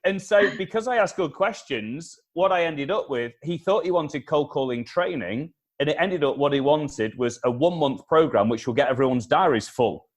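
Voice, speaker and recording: A man, a communication consultant, giving animated advice in an interview, repeating his key points and acting out past conversations. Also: fairly high pitch, moderate pace, few pauses. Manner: energetic, repeats key points, acts out dialogue. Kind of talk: animated advice with acted-out anecdotes.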